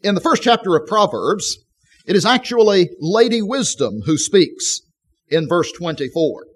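Guy preaching a sermon, reads bible verses out loud w/ emphasis then explains em. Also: sits high, very animated, measured pace, breathy edge. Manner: expository preaching, reading scripture aloud with emphasis.

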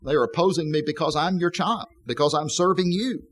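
A man's voice: fairly high pitch, a little fast. A male preacher delivering a sermon, reading scripture verses aloud with emphasis and explaining them.

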